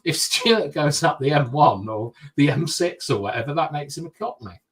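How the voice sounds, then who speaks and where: A man co-hosting a live-streamed fan show, talking in a lively, opinionated way with plenty of "like" and restarts. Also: a little high, normal speed. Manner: animated, opinionated, rambles with fillers. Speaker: podcast co-host. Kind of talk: casual live-stream chat.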